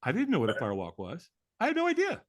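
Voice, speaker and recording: A man's voice: high voice, huge pitch swings, fast talker, a crowd in the background. A middle-aged man, a guest in an interview, telling a story animatedly and acting out the dialogue. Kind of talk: storytelling in a conversation.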